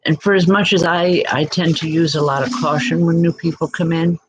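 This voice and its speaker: A woman working as a spiritual medium, giving a live-streamed psychic reading in a reassuring, halting way with frequent ums. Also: sits low, steady tone. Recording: loud background noise.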